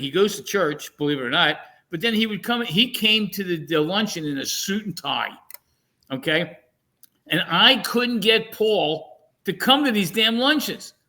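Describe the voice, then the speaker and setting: A man's voice: on the high side, sharp tone. A man co-hosting a radio show who rambles through old stories in casual chat. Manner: rambling, loose storytelling. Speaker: radio co-host.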